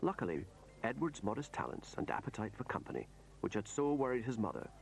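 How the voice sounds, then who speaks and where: A man reading scripted documentary narration in a measured voice. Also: lowish voice, big pitch swings, vocal fry. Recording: narration over loud music.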